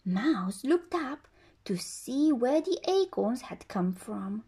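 A woman reading a children's story aloud in a slow, sing-song way. Her voice is high and rises and falls widely as she leans into each line. She takes her time. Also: big pitch swings, warm tone, slightly rough.

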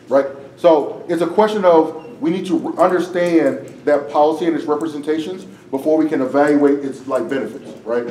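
Brisk and barely pausing, a male debate instructor lectures in an easygoing way, frequently adding "right?" to his sentences. His voice, a bit high for a man, is strained and wearing thin, and the distant mic picks him up in an echoey classroom with a slight hiss.

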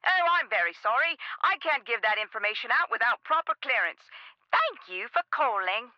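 Game receptionist: perky, sing-song phone patter, muffled line. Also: female voice, a little high, big pitch swings, moderate pace, dry recording. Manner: perky, scripted sales patter. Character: chirpy young woman receptionist for castle staffing. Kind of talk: video game voice acting.

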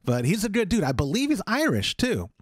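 A man's voice: high voice, huge pitch swings, brisk, slightly rough, dry recording, clean studio sound. A man co-hosting a casual podcast, joking and teasing with frequent laughs. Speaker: podcast co-host.

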